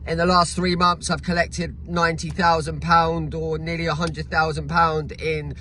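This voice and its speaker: A man giving a relaxed testimonial about his coaching experience. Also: on the high side, moderate pace, slight background noise. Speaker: coaching client. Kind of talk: casual testimonial.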